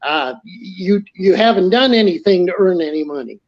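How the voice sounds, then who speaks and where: A man's voice: sits high, normal speed, muffled recording. A middle-aged man, telling stories casually as a podcast guest and acting out the voices of people he quotes. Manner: animated storyteller acting out quoted dialogue. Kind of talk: casual storytelling.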